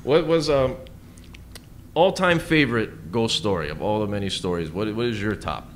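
A male host asking questions in a lively, joking way during a casual interview recorded live in a bar. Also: lowish voice, moderate pace, slight background noise. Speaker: podcast host.

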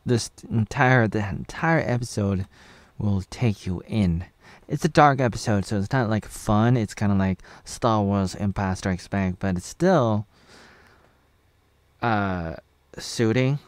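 A man's voice: on the low side, slow pace, dry recording. A man in his thirties from Oregon, casually reviewing a TV episode in a meandering, rambling way with chuckling asides to himself. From USA (Oregon). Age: 30s.

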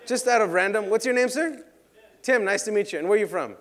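A man performing card tricks for an outdoor crowd, joking and teasing volunteers, now and then shouting to hype them up. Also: high-pitched, fast talker, slight background noise. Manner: playful, teasing, bursts into loud hype. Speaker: street magician.

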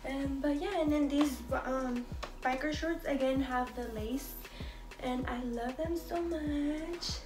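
Speaking slowly in a high voice, a young woman talks her way through a clothing try-on haul in a casual, blunt manner, swearing all the time. The fashion vlogger is recorded in a room with echo and faint background music.

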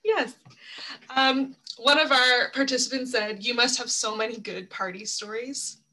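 A woman's voice: on the high side, steady tone, a little slow, sharp tone. A woman hosting and moderating a webinar over a video call, friendly and upbeat. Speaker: session host.

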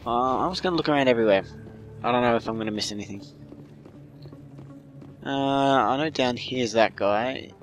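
A man's voice: mid-range voice, moderate pace, pauses often, faint music behind. A man giving casual, joking commentary while playing a game, rambling and unsure. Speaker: gamer.

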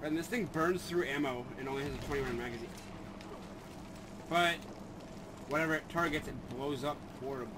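A man's voice: on the high side, fairly quick, long pauses, noisy background. A man playing a shooter with a friend, explaining the game bluntly and swearing casually. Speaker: gamer. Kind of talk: casual gaming banter.

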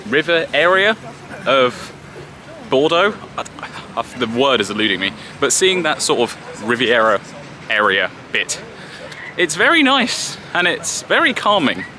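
Young male travel vlogger from Britain, bright and chatty, handheld camera at arm's length, light street noise behind. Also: mid-range voice, big pitch swings, measured pace, low-quality recording. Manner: chatty, rambling, self-deprecating. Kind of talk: casual vlog monologue to camera. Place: outdoors in a city, walking.

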